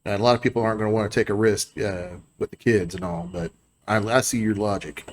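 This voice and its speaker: A man voicing a wary adult male militia leader in a tabletop game, who speaks in a halting drawl full of hesitations. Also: fairly low pitch, steady tone, slight background noise, lightly acted.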